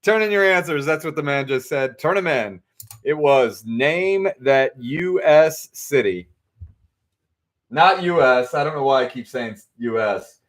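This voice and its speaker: A man's voice: medium pitch, lively intonation, slow. Easygoing young man hosting trivia night. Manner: easygoing, reads answers out with asides and self-corrections. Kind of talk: casual live trivia hosting.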